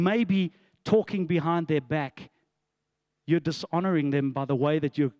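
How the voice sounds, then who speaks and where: A man's voice: fairly high pitch, a little mellow, dry recording. A middle-aged man, a pastor telling a story to his congregation in a sermon, with asides and laughs.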